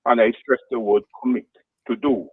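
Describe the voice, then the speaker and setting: A man on a radio talk show, speaking in a deliberate way and walking the other speaker through a chain of leading questions. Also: mid-range voice, steady tone, breathy edge, no echo, phone-quality sound.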